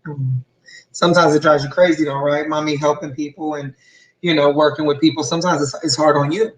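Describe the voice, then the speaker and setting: A woman hosting a motivational talk show, chatting in an animated, playful and teasing way. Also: low-pitched, brisk, far from the mic, rough recording. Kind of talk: casual motivational chat.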